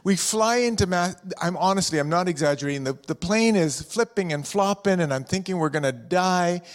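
A middle-aged man preaching a sermon in church, chatty and jokey, telling stories and asking the room questions. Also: high-pitched. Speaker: pastor and district superintendent. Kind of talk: sermon with humorous storytelling. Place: church hall with a live congregation. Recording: long hall reverb.

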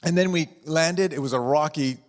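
Speaking in a fairly high voice at normal speed, a middle-aged man preaches in church, joking, telling stories, and asking the live congregation questions. He is a pastor and district superintendent, the sermon is built on humorous storytelling, and the hall adds long reverb.

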